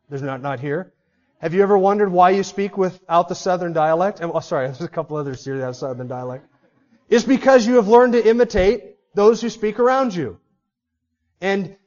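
A man with a high voice preaches a sermon, stressing his points and turning to the congregation with rhetorical questions. The recording sounds dull and lo-fi, like a church recording. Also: darkish tone. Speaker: pastor.

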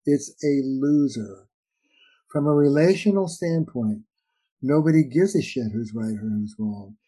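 A man's voice: medium pitch, a little slow, husky, rough recording. A man, a relationship therapist and author, explaining his ideas in conversation and acting out little dialogues. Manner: animated, acts out little dialogues with shifting voices. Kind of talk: conversational interview answers.

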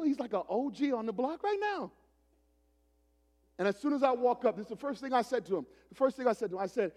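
A man in his forties preaching a sermon as a pastor, telling a story dramatically, swinging from loud preaching to hushed retelling. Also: high voice, animated, fast talker. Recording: long hall reverb.

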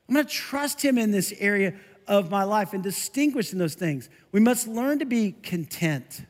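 A middle-aged male pastor preaching a conversational, animated sermon. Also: extremely high pitch, moderate pace, in a large hall. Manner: conversational, animated, self-interrupting with laughs.

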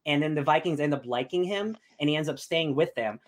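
Excitable young man with higher voice. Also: fairly quick. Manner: excitable, gushing, lots of fillers. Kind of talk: casual chat.

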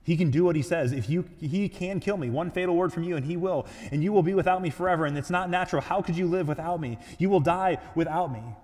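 A man's voice: mid-range voice, expressive, rapid-fire, few pauses, dark tone, close to an everyday voice. A clinging little lizard pleads in a raised, urgent voice, put on by a man reading aloud. The voice pushes forward, and a long reverb rings out as in a large hall. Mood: pleading.

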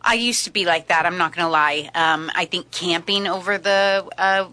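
Bright-voiced young woman radio co-host. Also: lowish voice, moderate pace. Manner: relaxed, chatty, frank. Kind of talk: casual morning show banter.

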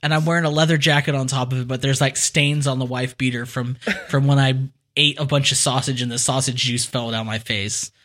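Laughing American man, bright voice. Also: medium pitch, brisk, hardly any pauses. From California. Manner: laughs often, animated, self-mocking. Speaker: podcast co-host. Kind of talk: casual chat.

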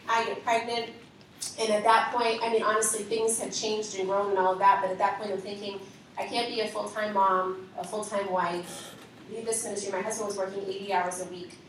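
A woman leader giving a lively spoken testimony to a congregation, acting out the conversations she recounts. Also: medium pitch, a little fast, a little hiss or hum. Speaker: ministry leader. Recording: echoey hall from far off.

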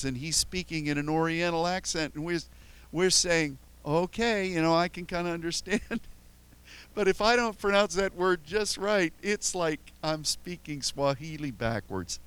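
A man's voice: a little high, a little slow, a bit bright, smooth, poor audio. An older American man, a pastor, telling rambling, self-mocking stories with many restarts before his sermon. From United States. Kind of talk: anecdotal sermon storytelling.

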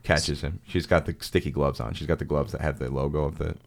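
A young podcast host chats casually, spinning rambling, jokey stories and acting out little voices. His voice rumbles low and creaky, steady in tone and a little fast.

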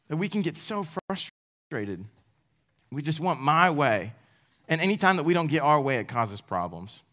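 A man's voice: a little high, very animated, normal speed, fairly bright tone. Young man giving a casual sermon. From United States. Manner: casual, self-deprecating, with laughs. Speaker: campus speaker. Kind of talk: sermon to college students.

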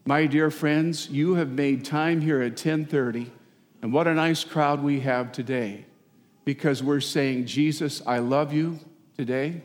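A middle-aged priest preaches in a folksy, animated way, his fairly high voice carried by the long echo of a large church. He turns to the congregation with quick asides between his points. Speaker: parish priest. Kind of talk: sermon.

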